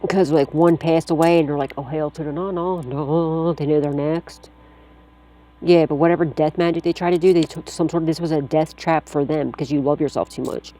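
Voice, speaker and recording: Woman, psychic tarot reader, mellow warm tone, blunt, slangy, swearing, reassuring. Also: low voice, fairly even intonation, a little fast. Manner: reassuring, addresses the listener directly. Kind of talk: casual spoken tarot reading.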